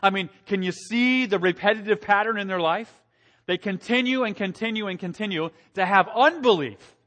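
A man preaching a sermon, animated, asking the congregation questions and acting out quotes in a raised voice. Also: high voice, normal speed. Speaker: pastor.

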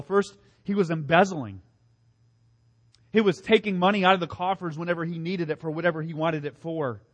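Earnest preacher with a high voice. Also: male voice. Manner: earnest, emphatic, with rhetorical questions and repeated phrases. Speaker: pastor. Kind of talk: sermon.

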